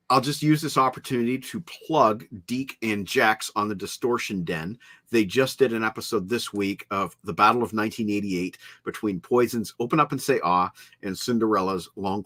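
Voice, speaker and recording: A man's voice: on the low side, sharp tone. A man hosting a rock music podcast in upbeat, chatty talk. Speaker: podcast host. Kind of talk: casual chat.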